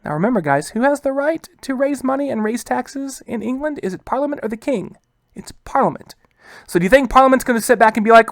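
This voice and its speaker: A man's voice: high voice, animated, fairly bright tone, no room sound. A man teaching a history lesson in a casual, chatty way, often saying "guys" and asking rhetorical questions. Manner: acts out historical figures in quick quoted asides. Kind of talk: casual classroom lecture.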